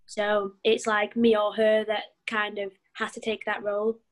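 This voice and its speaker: A young woman rugby player in an interview, soft-spoken and a little shy, answering hesitantly. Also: medium pitch, completely flat delivery, measured pace, rough recording. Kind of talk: interview conversation.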